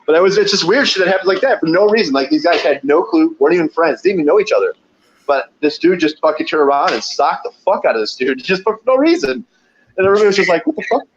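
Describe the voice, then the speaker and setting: Guy rambling crude stories, kinda high voice, muffled lo-fi audio, laughs a lot. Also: lively intonation, quick pace, a little hiss or hum. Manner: profane, rambling, laughs often, acts out quotes. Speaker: podcast guest, pizza delivery driver. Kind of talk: casual storytelling. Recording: dull lo-fi audio.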